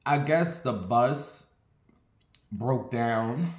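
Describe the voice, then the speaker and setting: A man from Ohio telling a casual story in an animated, profane, dramatic way. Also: mid-range voice, extremely slow. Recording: roomy echo.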